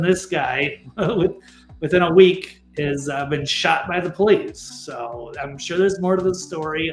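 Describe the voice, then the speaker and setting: A man's voice: fairly high pitch, roomy sound. A man talking as a guest on a political talk show, blunt and exasperated, swearing freely.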